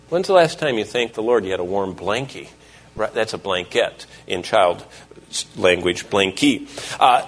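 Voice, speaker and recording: A man's voice: fairly low pitch, animated, normal speed. A middle-aged male pastor preaching a sermon, telling stories and quoting scripture and the people in them. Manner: storytelling, quoting scripture and voices in dialogue.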